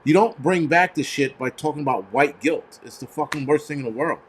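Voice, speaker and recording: A man with a fairly high-pitched voice rants on a live stream. He is blunt and profane, circling back with fillers like "you know" and thanking viewers in the chat as he goes. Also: fairly quick, a little hiss or hum. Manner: reads out viewer donations and chat. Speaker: livestream host.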